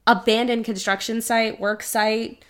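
A woman's voice: on the high side, measured pace. Chatty young woman retelling a plot. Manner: animated, swears freely, acts out quotes. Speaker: podcast co-host recapping a film. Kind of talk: casual chat.

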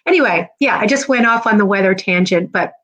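A woman's voice: medium pitch, brisk, fairly bright tone. Middle-aged jersey woman rambling on a live stream, chatty host, lots of ums. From New Jersey. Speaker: podcast host. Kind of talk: casual live-stream chat.

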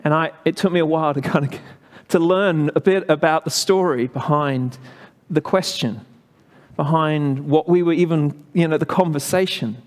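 English male pastor, fairly high voice, chatty and halting, long hall reverb. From England. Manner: chatty, halting storytelling with many fillers. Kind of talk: sermon.

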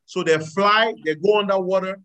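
A man preaching a sermon to a live audience, animated, swinging between loud exclamations and quiet asides. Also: high-pitched, moderate pace, rough recording. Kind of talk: sermon with audience call-and-response.

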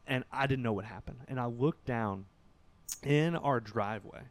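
A man from Kentucky, a podcast guest telling a story in casual talk, swinging from loud bursts to hushed, low stretches. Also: moderate pace.

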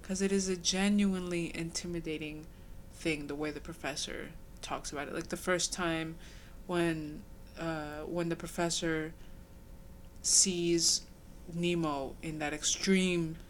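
A woman's voice: low-pitched, fairly even intonation, measured pace, a little hiss or hum. A woman in a casual book discussion, chatty, often trailing off mid-sentence. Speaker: book club member.

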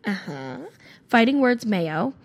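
A woman co-hosting a podcast in casual chat, chatty and quick to laugh, sometimes acting out little voices. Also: medium pitch, very animated. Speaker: podcast co-host.

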